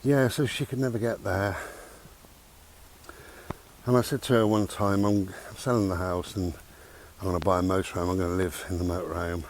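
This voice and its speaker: Low-voiced man rambling outdoors. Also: steady tone, moderate pace. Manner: rambling, chatty, talks to his dog. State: out of breath. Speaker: vlogger. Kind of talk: casual outdoor vlog talk. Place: outdoors in a park. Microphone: handheld camera mic. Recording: faint outdoor background noise.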